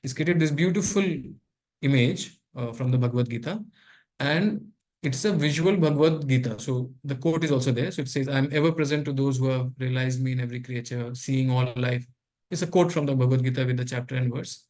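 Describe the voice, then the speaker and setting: A man's voice: mid-range voice, a little fast, darkish tone. A man presenting a workshop and explaining a live demo to his audience with frequent asides.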